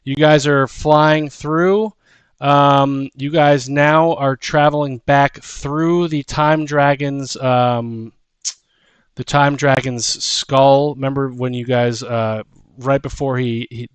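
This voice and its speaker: A man's voice: medium pitch, flat delivery, slow pace, clear, resonant tone, no room sound. A man running a tabletop game as game master, narrating with frequent ums and restarts.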